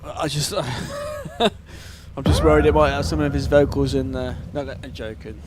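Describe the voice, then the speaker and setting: A man's voice: medium pitch, fairly even intonation, a little slow, crowd noise. A man with a Gloucestershire accent hosting a casual chat reviewing music tracks, rambling and making self-mocking asides. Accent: Gloucestershire English. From Gloucestershire, England.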